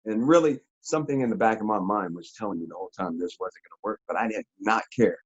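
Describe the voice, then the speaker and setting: A man telling a story in an interview, in a casual, animated, slangy way with frequent laughs. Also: on the low side, fast, slightly rough, dull audio. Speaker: interview guest.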